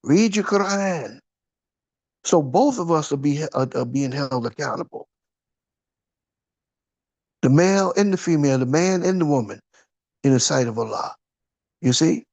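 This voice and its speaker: A man's voice: a little high, animated, normal speed, gravelly, pauses often, a little mellow. A man giving an informal sermon, throwing out rhetorical questions and checking in with his listeners. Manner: conversational, asks "huh?" often, rhetorical questions. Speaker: preacher.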